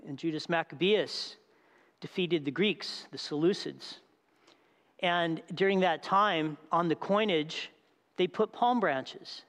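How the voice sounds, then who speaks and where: A man delivers a sermon with a fairly high voice, his words ringing through the long reverb of a large hall. He is animated, asks the crowd questions and acts out the scenes he describes. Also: slow pace. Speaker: pastor.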